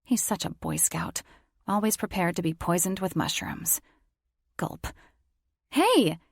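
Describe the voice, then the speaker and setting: Wry woman narrating a romance, gravelly tone. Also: on the low side, unhurried, dry recording, clean studio sound. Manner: wry, confiding inner voice. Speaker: audiobook narrator. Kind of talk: first-person romance audiobook narration.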